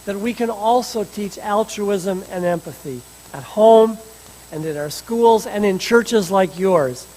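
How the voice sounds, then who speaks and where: A man's voice: sits high, unhurried, a little mellow, big-room sound, poor audio. A man putting on a light Polish accent to voice an optimistic elderly professor. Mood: passionate.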